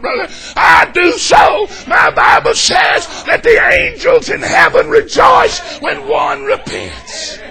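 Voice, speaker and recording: Shouting high-voiced preacher man. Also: lively intonation, takes it slowly, vocal fry, few pauses. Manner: shouting, fervent, whooping; folksy, joking with the congregation. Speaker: pastor. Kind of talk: sermon. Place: church.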